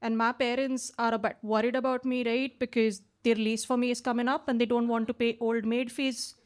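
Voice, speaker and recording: A woman's voice: on the high side, flat delivery, brisk. Chatty young woman doing stand-up. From India. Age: late 20s. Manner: chatty, tags lines with "right?". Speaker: stand-up comedian. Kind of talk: stand-up comedy set. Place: basement comedy club.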